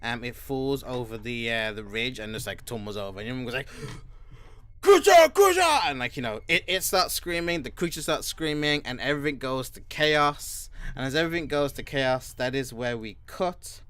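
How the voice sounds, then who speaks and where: A young man running a tabletop game as game master, narrating slowly with many ums and pauses. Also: medium pitch, sharp tone, smooth, no echo. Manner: slow, halting narration full of ums and uhs.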